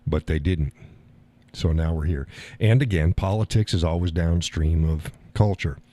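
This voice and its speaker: This live stream host talks at a moderate pace in a low, dark-toned voice, and the recording is dry. Over an audio call setup he delivers a casual, rambling monologue, blunt and full of laughter, with casual swearing throughout.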